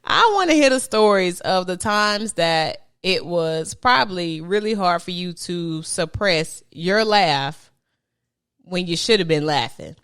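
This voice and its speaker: A woman hosting a casual chat show, animated and playful, laughing often. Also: fairly low pitch, unhurried, clean tone. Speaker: host.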